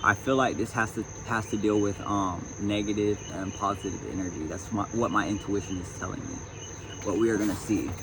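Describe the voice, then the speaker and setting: A man with a low-pitched voice talks in a casual, emotional and preachy way, repeating himself as he reads from a self-help book. He is recorded outdoors at night. A faint hum of crickets and insects sits behind him. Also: fairly even intonation, a little fast. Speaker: vlogger reading a self-help book aloud. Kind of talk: casual spiritual talk with book reading.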